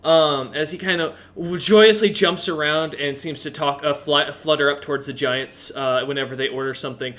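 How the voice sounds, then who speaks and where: A man's voice: fairly high pitch, steady tone, moderate pace, few pauses, a bit bright. A man narrating as game master in a tabletop game, hesitant with many fillers. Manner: hesitant, lots of ums and uhs.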